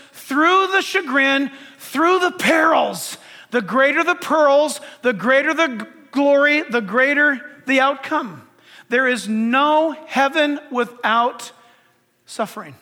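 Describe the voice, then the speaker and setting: A man with a very high, ringing voice preaches to his congregation in a long-echoing hall. He swings from loud, shouted lines to soft, intense near-whispers. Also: expressive, slow pace. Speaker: pastor. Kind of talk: sermon.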